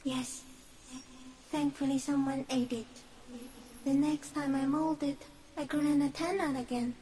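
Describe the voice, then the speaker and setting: A woman voicing an ancient female stick-insect creature in a video game, speaking in slow, drifting, breathy phrases. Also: high voice, fairly even intonation, a little hiss or hum, rough recording. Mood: dreamy. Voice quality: soft, drifting, often breathy. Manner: slow, otherworldly, halting phrases.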